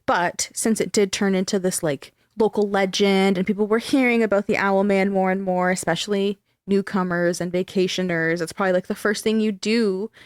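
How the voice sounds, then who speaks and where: A young woman hosting a podcast, talking loosely and swearing as she walks through a spooky tale. Her voice sits at an ordinary middle pitch. The recording is dry and close, with no room sound. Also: steady tone, normal speed, few pauses, smooth, dry recording. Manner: chatty, swears freely, tells the story. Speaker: podcast host. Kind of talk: casual chat.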